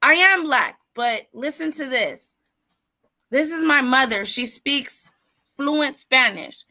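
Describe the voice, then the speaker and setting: A woman's voice: high voice, expressive, slow pace, bright, forceful tone. A woman hosting a casual online panel, chatting and directing the other callers. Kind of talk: casual chat on a video call. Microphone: video call.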